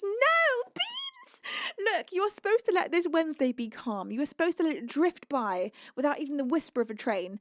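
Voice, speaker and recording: A woman's voice: fairly high pitch, dry recording, studio quality. A woman from the UK hosting a live stream. She thanks viewers and teasingly scolds them in a bubbly, mock-stern way. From United Kingdom. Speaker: singer and live-stream host.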